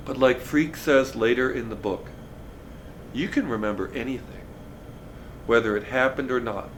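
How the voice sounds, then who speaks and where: A man reading a novel aloud in a relaxed, conversational storytelling manner. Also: mid-range voice, a little slow, long pauses, a little hiss or hum. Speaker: reader of a novel.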